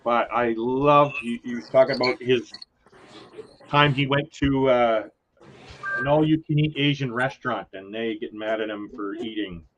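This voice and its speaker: Chatty older New York man, bright voice. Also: mid-range voice, fairly even intonation, moderate pace, a little hiss or hum. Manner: chatty, laughs often, rambling asides. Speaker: guest. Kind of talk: casual livestream chat.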